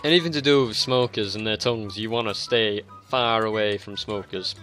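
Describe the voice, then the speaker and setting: A drunk young man giving rambling, profane commentary as he plays a video game, now and then breaking into sudden yells. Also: lowish voice, normal speed, soft background music. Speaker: gaming channel host.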